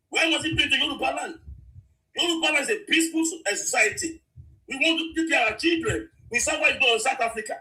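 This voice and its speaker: A man's voice: very high voice, bright, forceful tone, poor audio. A man calling in to a radio talk show, speaking in an impassioned, pleading way. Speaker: caller.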